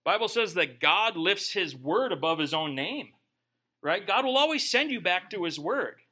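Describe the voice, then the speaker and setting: A man's voice: sits high, sing-song, normal speed, pushed and bright. A man preaching a sermon in a conversational way, with joking asides. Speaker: pastor.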